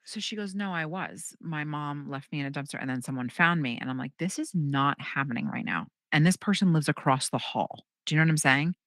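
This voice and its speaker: A young adult woman, a comedian guest, telling a story in casual chat and acting out quotes with big jumps in pitch. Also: expressive, a little fast, few pauses, a bit bright, no echo, studio quality.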